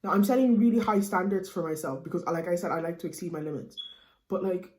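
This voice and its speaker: A woman's voice: on the low side, fast, reverberant, a little hiss or hum. A young Irish woman in her late teens, chatting casually and animatedly to camera as a student vlogger. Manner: chatty, animated, with lots of fillers like "you know what I mean".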